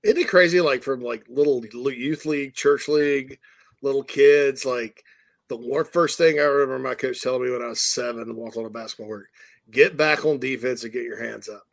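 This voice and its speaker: A man from the Southern US co-hosting a sports talk show, chatting in an animated, joking way. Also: medium pitch, brisk, no echo. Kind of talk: casual sports chat.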